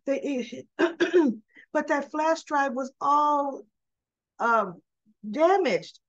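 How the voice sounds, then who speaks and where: A woman giving a casual recap of a soap episode, retelling scenes with lively asides and slipping into the characters' lines. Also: high-pitched, very slow, no room sound, highs cut off. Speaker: soap opera recap vlogger.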